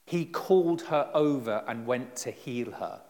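A middle-aged man giving a conversational, lively sermon with self-deprecating humor, recorded in a church. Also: mid-range voice, a little slow. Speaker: preacher. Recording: long reverb in a church hall.

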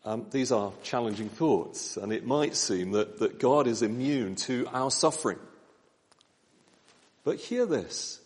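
A man preaching a sermon in a gentle, measured way, slowing down with pauses for emphasis. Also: mid-range voice, lively intonation. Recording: long church reverb.

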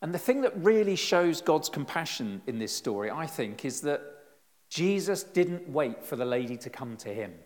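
A middle-aged man giving a conversational, lively sermon with self-deprecating humor, recorded in a church. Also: fairly high pitch, moderate pace. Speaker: preacher. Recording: long reverb in a church hall.

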